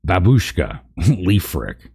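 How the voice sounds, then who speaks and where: A man voicing a large, gruff male narc who rasps out a list of names. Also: deep voice, wildly swooping pitch, slow, a little mellow, pitched above the performer's own voice, heavily acted. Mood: rasping. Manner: rasping, stumbles and laughs over names.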